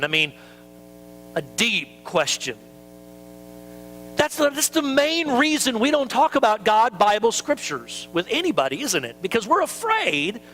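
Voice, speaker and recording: A man pastor delivering a sermon in a chatty, animated way, slipping into voices for the excuses he quotes. His voice sits high and sounds bright and forceful, swinging widely in pitch. A faint mains hum runs under the recording. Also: rough recording. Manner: conversational preaching, acts out quoted excuses.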